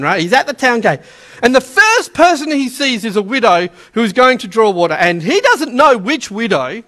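A man preaching in a loose, conversational way, breaking into little acted-out quotes. His voice sits very high and sounds bright and forceful. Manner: chatty, storytelling, acts out quotes. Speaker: pastor. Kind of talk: sermon.

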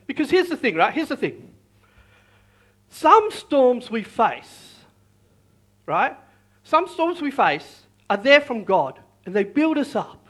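A high-pitched man preaching a sermon with a bright, forceful tone. He talks in a lively, repetitive way and keeps calling out to his listeners. His pitch swings up and down a lot. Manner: lively, repetitive, calls out to the congregation. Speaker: pastor.

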